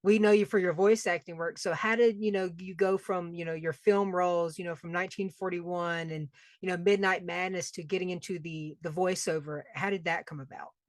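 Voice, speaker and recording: A man's voice: sits high, steady tone, a little fast, hardly any pauses, dry recording. A man in his late twenties hosting a podcast, asking questions with eager enthusiasm. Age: late 20s. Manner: enthusiastic, repeats "awesome". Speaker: podcast host. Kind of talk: interview questions.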